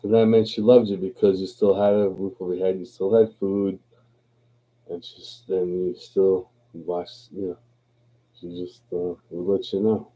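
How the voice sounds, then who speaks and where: Tipsy stream host, laid-back and profane, very dark and mellow tone. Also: male voice, deep voice, little pitch movement, moderate pace, poor audio. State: tipsy from drinking. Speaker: livestream host. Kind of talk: rambling casual livestream chat.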